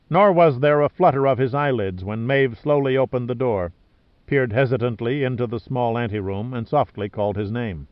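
Steady male audiobook narrator, dull dry sound. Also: mid-range voice, dry recording. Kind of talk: scripted narration.

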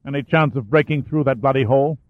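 A tired, gruff officer played by a man talks low and worn down, as if out of fight. The audio is narrow and phone-like and completely dry. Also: quick pace, dry recording, lightly acted. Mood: weary. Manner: weary, gruff. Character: weary male army officer in a last stand.

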